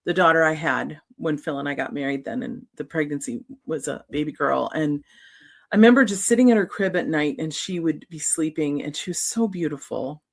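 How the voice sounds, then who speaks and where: A middle-aged woman, an author guest, telling a personal story in an earnest, halting, emotional way. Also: low voice.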